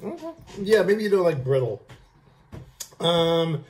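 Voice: mid-range voice, sing-song, a little mellow. Gushing food vlog host tasting candy. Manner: gushing, repeats "I love", halting fillers. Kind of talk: casual food tasting review.

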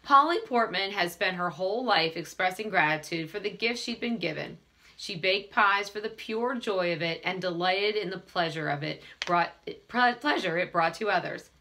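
A woman's voice: lowish voice, expressive, moderate pace, sharp tone. A woman reading a children's novel aloud, giving the dialogue a light touch of character voice. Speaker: reader.

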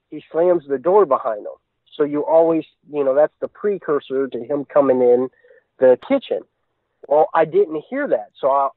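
A fairly high-voiced man tells his story with earnest urgency, stringing moments together in long run-on chains. He comes through a thin, narrow phone line with a dry, close sound. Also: no echo. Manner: earnest, tumbling run-on retelling. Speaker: guest recounting an encounter. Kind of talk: casual storytelling.

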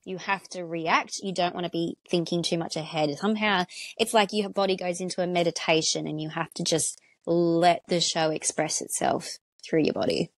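A woman's voice: on the low side, fairly even intonation, moderate pace, no room sound. A woman who is an actor and interior designer, talking earnestly and with enthusiasm as a guest in an interview. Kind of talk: casual interview chat.

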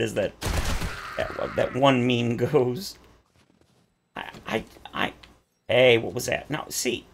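A man's voice: animated, slow pace, creaky, pauses often, fairly bright tone, slight background noise. A man giving game commentary, complaining at length in a theatrical, exasperated way. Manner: exasperated, theatrical complaining with big pitch jumps. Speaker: gaming YouTuber.

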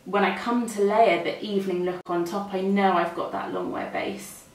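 In a steady tone at medium pitch and moderate pace, a British woman walks through her makeup application as she does it. The demonstration was captured in an echoey space, with the mic a little far from her.

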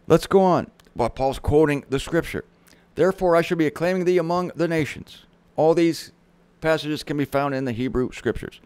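A man's voice: on the high side, normal speed, a little mellow, clean tone, no echo. A middle-aged man teaching the Bible in a sermon style, reading verses aloud with dramatic emphasis and dropping casual asides. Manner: conversational asides.

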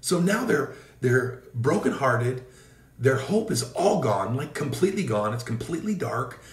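Man preacher, mid-pitched, fervent declarations and storytelling, roomy off-mic sound. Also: big pitch swings, measured pace, far from the mic. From Seattle area, Washington State. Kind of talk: prayer and sermon.

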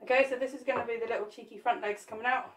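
A woman's voice: fairly high pitch, steady tone, racing, far from the mic, background noise. A woman chatting and joking with viewers as she demonstrates a cake sculpt live. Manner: chatty, jokey, talks to viewers while working. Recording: roomy echo, off the mic.

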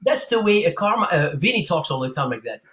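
A man's voice: a little high, sing-song, quick pace, fairly bright tone, echoey room, rough recording. A man with a French accent, a guest singer chatting playfully and hamming up a New York accent. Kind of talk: casual interview chat.

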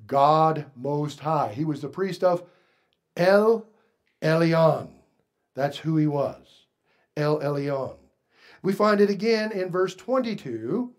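A male pastor preaching a sermon slowly and emphatically, stretching out key words for weight. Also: sits high, a little mellow.

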